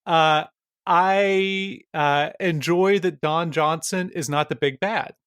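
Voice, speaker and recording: A man co-hosting a casual film podcast, often pausing on filler words and restarting his sentences. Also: a little high, a bit bright, clean tone, no echo, studio quality. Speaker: podcast co-host.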